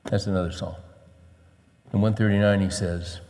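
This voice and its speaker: A man's voice: steady tone, moderate pace, long pauses, a little mellow. Man preaching in a reverberant church. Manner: conversational, rising to emphatic urging, with quoted scripture read low. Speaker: pastor. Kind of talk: sermon.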